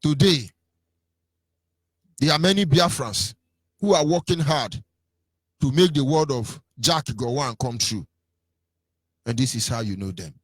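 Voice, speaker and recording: This Nigerian-accented man gives a fiery political radio talk, mocking and sing-song, his delivery rising and falling. His mid-range voice is animated and slightly rough, with a measured pace, long pauses, and no echo.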